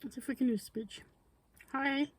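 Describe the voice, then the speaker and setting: A woman's voice: sits high, steady tone, moderate pace, breathy edge. A woman vlogging outdoors at a cemetery, asking questions casually and sometimes dropping to a whisper. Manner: questioning, often drops to a whisper. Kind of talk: casual ghost-hunting vlog talk.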